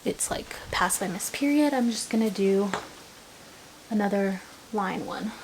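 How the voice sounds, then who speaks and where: A young woman talks through a personal vlog at an unhurried pace, her voice soft and often slipping into a half-whisper. Small laughs break in now and then, and a faint hiss sits under the recording. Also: medium pitch, rough recording. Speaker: vlogger.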